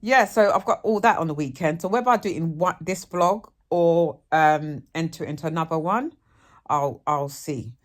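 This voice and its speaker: A woman's voice: low voice, normal speed. A woman, chatting frankly and rambling to her viewers at home in a casual vlog. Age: 50s. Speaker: vlogger. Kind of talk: casual chat to camera. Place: at home, indoors.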